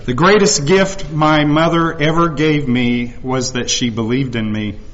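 A man's voice: medium pitch, unhurried, a bit bright, highs cut off. A man addressing a congregation, earnestly retelling a personal story and voicing the people in it. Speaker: visiting speaker. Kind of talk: sermon storytelling.

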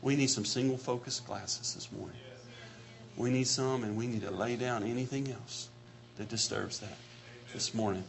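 A man preaching a sermon with passion, repeating his phrases and building to shouts. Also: medium pitch, steady tone, normal speed, vocal fry, soft background music.

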